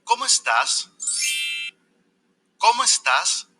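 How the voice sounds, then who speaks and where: A zany marshmallow professor played by a man leads a kids' Spanish video in a sharply bright, husky voice. The pitch leaps wildly up and down while he drills words slowly. Faint music plays behind him. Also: sing-song, heavily acted. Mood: teaching. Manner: exaggerated, sing-song, repetitive drills. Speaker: video teacher character.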